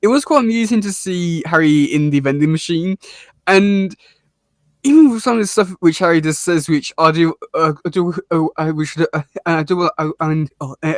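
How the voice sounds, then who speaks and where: A man co-hosting a casual episode review chat, talking in halting bursts with many restarts and fillers and laughing often. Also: on the high side, dry recording, studio quality. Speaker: podcast co-host reviewing a cartoon episode.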